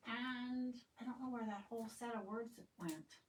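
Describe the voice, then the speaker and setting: A woman's voice: mid-range voice, moderate pace, darkish tone, slight background noise. A woman hosting a card-making livestream, chatting casually and humming to herself as she stamps and colours. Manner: chatty, rambling, hums and sings to herself while working. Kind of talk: casual crafting livestream chat.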